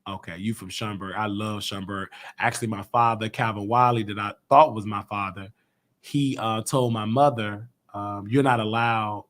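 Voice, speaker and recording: A man's voice: fairly low pitch, moderate pace. A man hosting a call-in live stream from his own show, telling stories in a loose, slangy way and acting out the other people's voices. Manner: animated storyteller, slangy, acts out quotes. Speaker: host of a YouTube talk show.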